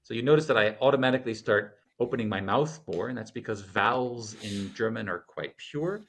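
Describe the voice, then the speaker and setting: A man's voice: medium pitch, brisk, creaky, fairly bright tone. A man being interviewed, explaining pronunciation and repeating sounds and phrases to demonstrate them. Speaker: guest language coach.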